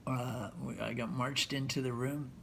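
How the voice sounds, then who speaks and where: A male rock musician telling a relaxed, rambling story, with fillers and quoted voices. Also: mid-range voice, unhurried, creaky, slight background noise.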